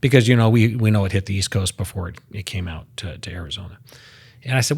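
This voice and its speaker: This time the American guest talks fast, his low voice creaky, darkish and a little rough. Throughout the casual podcast chat he presses his points hard, cites figure after figure, and stumbles into repeated words when beginning a sentence.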